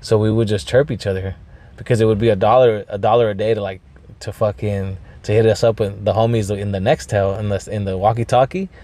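Man, podcast host, lowish voice, casual rambling monologue, swears a lot, clears his throat often. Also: steady tone, brisk, dark tone. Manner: mixes in Spanish phrases.

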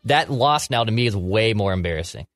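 A man's voice: fairly low pitch, animated, fairly quick, no room sound, soft background music. A man in a casual sports talk show, thinking aloud as he rambles through a game.

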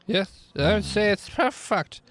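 A man's voice: sits high, lively intonation, normal speed, a bit bright. A man voicing a drunk, frightened village barman, rambling and evasive.

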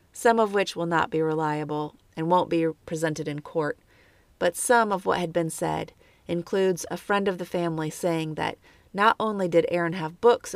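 A woman narrates a true crime case at a steady, measured pace. Her voice sits low and has a gravelly fry. The sound is dry and close, with no room around it. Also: no echo. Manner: measured, lightly commenting asides.

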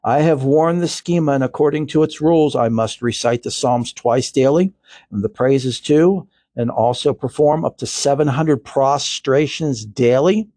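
A man's voice: medium pitch, moderate pace, warm tone, no room sound, clean studio sound, lightly acted. A man reading the quoted words of a distressed elderly woman nun in a lightly raised voice. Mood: reproachful.

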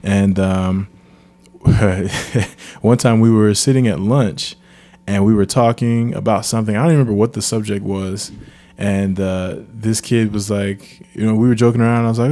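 A man, co-hosting a podcast and telling a childhood story in a casual, animated way. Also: lowish voice, normal speed. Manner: animated storyteller, acts out quoted voices. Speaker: podcast co-host.

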